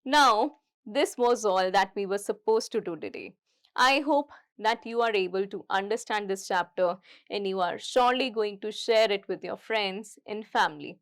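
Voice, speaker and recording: A woman's voice: mid-range voice, moderate pace. A young woman teaching a grammar lesson, explaining each point step by step and repeating it. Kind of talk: recorded English grammar lesson.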